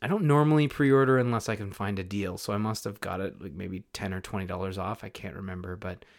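A man co-hosting a podcast in casual chat, relaxed and trailing off quietly at the ends of his thoughts. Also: low-pitched, fast talker, creaky. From Canada. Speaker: podcast co-host.

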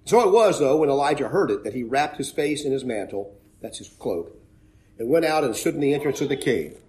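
A man preaching a sermon, retelling a Bible story in an earnest way that rises to emphatic peaks and drops low again. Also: expressive, brisk, darkish tone.

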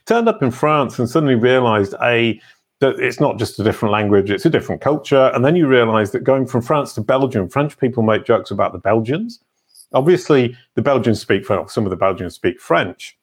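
A man from England, hosting a casual interview in an animated manner, his pitch jumping when he stresses a point. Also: fairly quick, husky. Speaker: podcast host.

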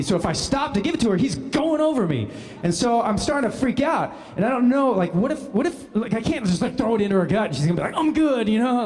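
A man telling a funny personal anecdote, animated and often laughing as he speaks. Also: high voice. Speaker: guest storyteller. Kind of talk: comic anecdote.

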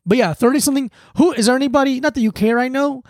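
A man's voice: very high-pitched, very fast, a little mellow, no room sound, studio quality. A man co-hosting a podcast in loose, joking casual chat, with frequent swearing. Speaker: podcast co-host.

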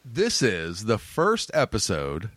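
Gravelly-voiced male podcast host, dry mic. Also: fairly low pitch, wildly swooping pitch, slow, a bit bright, no echo. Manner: jokey, laughs often, exclamations. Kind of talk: casual comedic chat.

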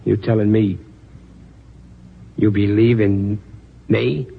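A bitter gravelly army sergeant. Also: male voice, on the low side, little pitch movement, slow pace, heavily acted. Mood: defensive. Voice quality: gravelly, curt and sarcastic. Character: bitter, grieving male ground crew sergeant. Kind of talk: 1940s radio acting. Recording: lo-fi 1940s radio broadcast.

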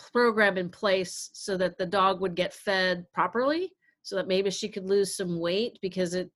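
Middle-aged woman, casual storyteller, animated, acts out dialogue. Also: medium pitch. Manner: animated, acts out quotes, laughs often. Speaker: guest caregiver.

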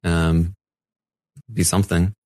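A man with a low voice chats casually as a podcast co-host, relaxed and often pausing on fillers. The sound is dry and close, with no room around it. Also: dry recording. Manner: relaxed, hesitant with many fillers. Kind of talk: casual chat.

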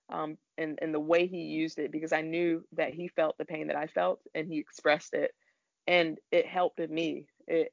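A man's voice: on the high side, creaky, dry recording. A man, a podcast guest, telling a frank, emotional personal story in a conversation and swearing now and then. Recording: dull, lo-fi.

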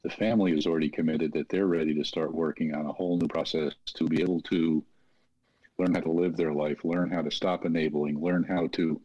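A man's voice: extremely low pitch, steady tone, brisk. A middle-aged man, an interventionist, explaining his work earnestly in an interview. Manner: earnest, plain-spoken, acts out family dialogue. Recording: dull lo-fi audio.

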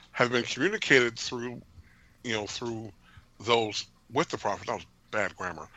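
Lively, bright-voiced man on a podcast. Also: mid-range voice. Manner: animated, opinionated. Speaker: podcast co-host. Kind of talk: casual chat.

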